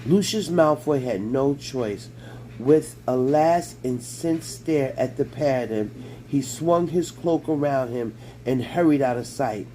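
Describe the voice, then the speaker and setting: A man reading a children's fantasy novel aloud in a measured storytelling manner. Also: mid-range voice, mellow, a little hiss or hum, low-quality recording. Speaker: audiobook reader.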